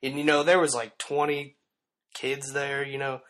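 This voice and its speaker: A man's voice: mid-range voice, little pitch movement, moderate pace, a bit bright. A man co-hosting a podcast in loose casual chat, swearing often and trailing off in fillers. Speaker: podcast co-host.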